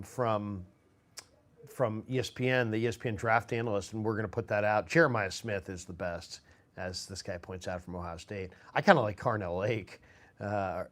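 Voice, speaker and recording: A man hosting a live sports stream, chatting casually and rambling with fillers and restarts. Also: on the low side. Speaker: sports show host. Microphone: phone.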